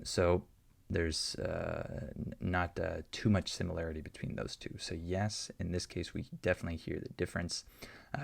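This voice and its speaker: A deep-voiced man explains English pronunciation to learners, patiently repeating example words so each sound can be heard. His voice is heavily gravelly with a husky edge. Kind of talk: explaining answers to learner questions.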